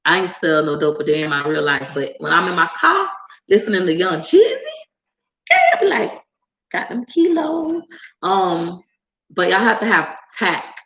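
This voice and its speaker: A woman YouTuber in casual, sassy talk with viewers, animated and quick to put on voices when she quotes people. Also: echoey room, muffled recording. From United States. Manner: animated and sassy, jumps into high squeals when acting out others. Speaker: YouTuber answering viewer comments. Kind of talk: casual chat to camera.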